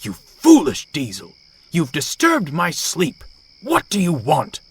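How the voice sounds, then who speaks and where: A man's voice: fairly low pitch, expressive, slow, fairly bright tone, breathy edge, full character voice. A man voicing a proud, grumpy old steam engine who talks in a haughty, snappish, upper-class way. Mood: indignant.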